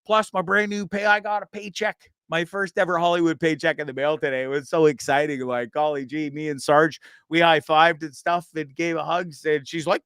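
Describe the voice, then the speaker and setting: Canadian man, 50s, livestream host, rambling, jokey, smooth clear voice, dry close sound. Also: a little high, no echo. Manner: rambling, jokey, lots of shout-outs and fillers. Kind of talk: live-streamed talk show.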